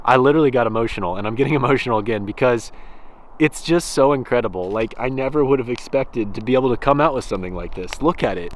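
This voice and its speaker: A man hosting a fishing vlog, talking in an enthusiastic, excitable way outdoors by a snowy stream. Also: medium pitch. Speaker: fishing channel host.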